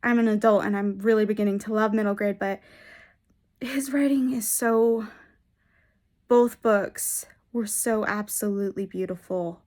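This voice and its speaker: A young woman talks to camera in a casual book vlog. Her voice sits at an ordinary middle pitch. She gushes with enthusiasm, rambling and restarting her sentences. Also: flat delivery, normal speed, hardly any pauses, darkish tone. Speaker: book vlogger. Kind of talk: casual reading vlog chat.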